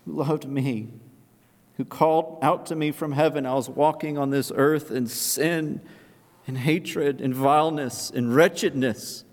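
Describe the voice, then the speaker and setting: Male preacher, higher voice, fervent delivery from loud to hushed, reverberant church hall. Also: steady tone, a little slow. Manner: impassioned, swelling loud and high then dropping to a near whisper. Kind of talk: sermon. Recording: long reverb of a large hall.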